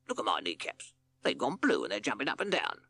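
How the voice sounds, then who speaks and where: A man's voice: mid-range voice, wildly swooping pitch, brisk, creaky, sharp tone, voice pushed up, full character voice. Reckless Rat, a man doing a grumbling cheeky rat. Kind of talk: storybook character voice.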